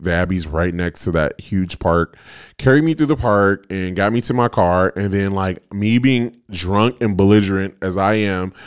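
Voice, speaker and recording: A man's voice: fairly low pitch, a little mellow, clean tone, dry recording, studio quality. A man in his late twenties, a podcast host, telling a rambling, profane story in a casual way with lots of "like" fillers.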